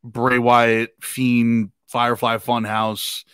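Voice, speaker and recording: A man's voice: medium pitch, completely flat delivery, slow, fairly bright tone, smooth. A man hosting a casual podcast over a video call, laughing often and putting questions to his guests. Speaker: podcast host. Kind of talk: casual chat.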